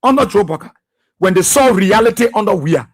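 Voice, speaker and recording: Give me a man hosting a radio talk show. His voice sits very high and comes out husky and breathy. He delivers fiery political commentary and hammers his points home by repeating phrases. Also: expressive, a little fast. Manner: preachy, impassioned, repeats phrases for emphasis.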